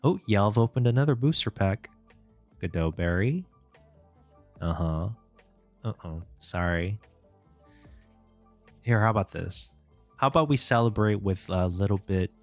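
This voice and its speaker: Man, indie game dev live stream, slow easygoing talk, dry close mic, faint chill music behind. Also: on the low side, lively intonation, no echo. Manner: thinks aloud, chats with viewers, chuckles often. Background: soft background music.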